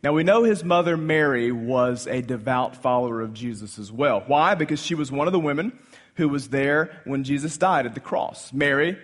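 A man preaching a sermon, teaching through a list of names and swinging from quiet asides to loud, emphatic passages. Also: mid-range voice, normal speed. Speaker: pastor.

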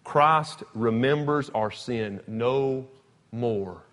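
A man's voice: medium pitch, very slow. A man teaching a Bible lesson, talking informally and acting out the scripture stories with emphasis. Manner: conversational, emphatic, retells scripture with animated quotes. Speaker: preacher. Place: church or classroom with slides.

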